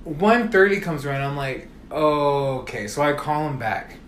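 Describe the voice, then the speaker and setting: A man's voice: a little high, a little slow, roomy sound, a little hiss or hum. A man telling a long story in casual chat, swearing freely and acting out both sides of phone calls. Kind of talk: casual storytelling among friends.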